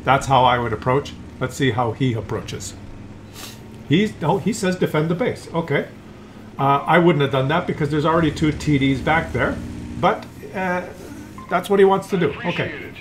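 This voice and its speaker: A man's voice: a little high, moderate pace, a little hiss or hum. Chatty man commentating a tank game. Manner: chatty, laughs at players, asides to viewers. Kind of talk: casual gameplay commentary.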